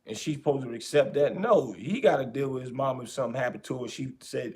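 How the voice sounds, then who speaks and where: A podcast host talking in a casual, animated way, repeating his points for emphasis. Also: mid-range voice, brisk, gravelly, hardly any pauses. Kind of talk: casual commentary.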